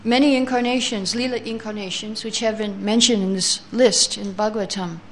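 A woman leads a scripture class, chanting verses slowly before reading them out and explaining each one. Her voice sits at an ordinary middle pitch, and a faint hiss of background noise runs under it. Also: steady tone. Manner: chants Sanskrit verses slowly, then reads translations and explains; takes answers from the class.

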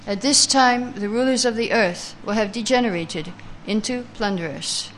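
A woman teaching a scripture class who chants verses slowly, then reads the translations and explains them, taking answers from her listeners. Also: a little high, a bit bright, a little hiss or hum.

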